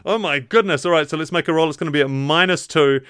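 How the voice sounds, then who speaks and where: A man acting as game master, briskly explaining dice rolls and results. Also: on the high side, a bit bright, clear, resonant tone, no room sound. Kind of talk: running a tabletop game.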